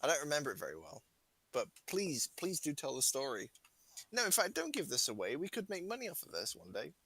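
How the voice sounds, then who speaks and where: A man's voice: fairly high pitch, huge pitch swings, fairly quick, a bit bright, slightly rough, dry recording. A young man chatting casually while gaming, joking and self-deprecating, often trailing off and restarting. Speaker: gamer.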